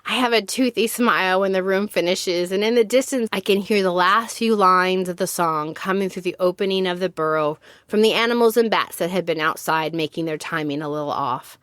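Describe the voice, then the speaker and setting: A woman reading her own children's story aloud, narrating in an expressive storybook manner. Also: lowish voice, brisk, few pauses, dry recording, clean studio sound.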